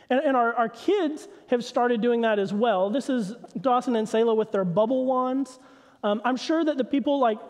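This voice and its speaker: A pastor in his thirties giving a sermon in a church, telling family stories in an animated way. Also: very high voice, long reverb tail. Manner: animated storytelling, acts out his son's confused voice. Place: church sanctuary.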